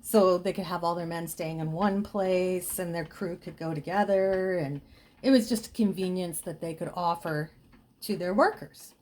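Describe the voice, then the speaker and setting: Woman telling a creepy true story, chatty, goes all hushed on the gross parts. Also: fairly low pitch, moderate pace. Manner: chatty with dramatic hushed dips. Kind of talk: casual spooky storytelling.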